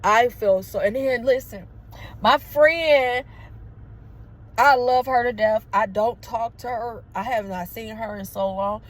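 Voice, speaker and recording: A woman in her thirties vlogs a personal story to camera, casual and emotional, calling her viewers "y'all." Her voice is a little high and a little slow.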